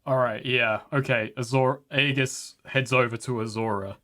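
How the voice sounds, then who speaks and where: A man's voice: medium pitch, steady tone, moderate pace, sharp tone. Male player, casual table talk, trips over words and fixes them. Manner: stumbles over names, self-correcting.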